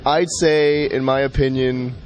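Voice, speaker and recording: A man's voice: mid-range voice, fairly even intonation, unhurried, darkish tone, natural voice, low-quality recording. A Scottish man putting on an American accent, hesitant and careful not to offend. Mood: guarded. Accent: put-on American over Scottish. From Scotland. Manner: hesitant, polite, self-conscious.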